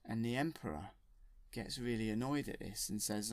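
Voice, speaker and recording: A man's voice: on the low side, normal speed, dry recording. A man rambling enthusiastically through a film retold from memory, correcting himself as he goes. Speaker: storyteller.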